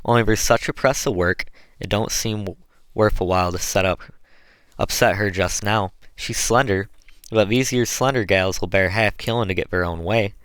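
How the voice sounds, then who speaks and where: A man's voice: lowish voice, normal speed, fairly bright tone, smooth, no room sound, natural voice. Man doing a cruel, barking plantation master. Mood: menacing. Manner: harsh, barking commands.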